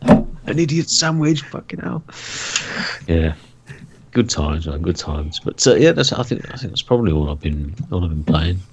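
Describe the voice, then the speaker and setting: A man with a very deep voice and a husky edge chats on a gaming podcast, wandering and restarting as he goes. The sound is a bit dull and muffled. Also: animated, darkish tone. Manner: rambling, halting, many restarts. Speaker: podcast co-host. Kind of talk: casual gaming chat.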